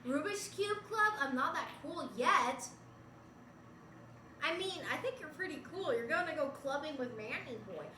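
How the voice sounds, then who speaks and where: Bright high-voiced young woman streaming from bedroom. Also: animated, moderate pace, far from the mic, a little hiss or hum. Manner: giggly, chatty, reads chat aloud. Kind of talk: casual chat with viewers. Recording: roomy bedroom, voice away from mic.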